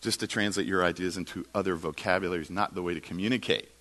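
A man preaching as a guest speaker in a church, telling a self-mocking story in an animated way. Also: low voice, fast talker. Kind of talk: sermon with storytelling.

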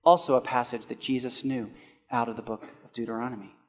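A male pastor preaching a sermon, asking rhetorical questions and swinging between loud and hushed. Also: medium pitch, fairly even intonation, fast, big-room sound.

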